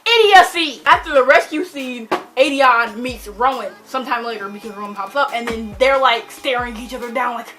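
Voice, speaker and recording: A young adult woman rambling excitedly through a book chat, gushing and full of fillers. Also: on the high side, moderate pace, hardly any pauses, soft background music. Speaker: book vlogger.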